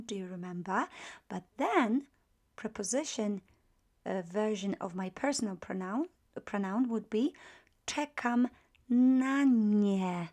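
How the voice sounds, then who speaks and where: A woman teaching a grammar lesson, patient and methodical, repeating practice phrases slowly and with emphasis. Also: medium pitch, a little mellow. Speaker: language teacher. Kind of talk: grammar lesson with spoken drills.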